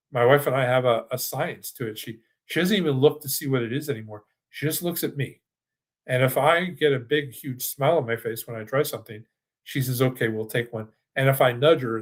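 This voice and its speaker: Chatty older man hosting a finance webinar. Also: medium pitch. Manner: chatty, with frequent restarts and asides. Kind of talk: casual presentation with live Q&A.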